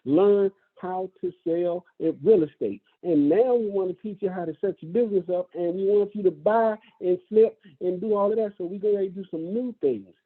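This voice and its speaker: A man with a fairly high, husky voice gives a motivational talk to his staff. He speaks in a folksy, enthusiastic way and repeats phrases to drive them home. The sound is tinny and narrow, like a phone line. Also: moderate pace, few pauses. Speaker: brokerage leader addressing agents.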